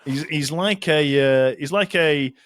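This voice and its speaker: A man's voice: a little high, measured pace, fairly bright tone, no echo, clean studio sound. A man co-hosting a podcast, chatting casually with his friend, often laughing and swearing. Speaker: podcast co-host. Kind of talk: casual banter.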